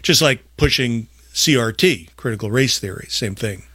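A man hosting a podcast, talking in an emphatic, rambling way with big swings in loudness. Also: medium pitch, expressive, normal speed, husky, no echo. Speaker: podcast host. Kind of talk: casual podcast talk.

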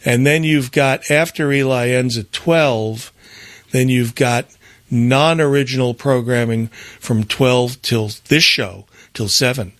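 A man's voice: mid-range voice, steady tone, takes it slowly, a bit bright, no room sound. Rambling male radio host, dry sound. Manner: rambling, with frequent fillers and restarts. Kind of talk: casual radio announcement.

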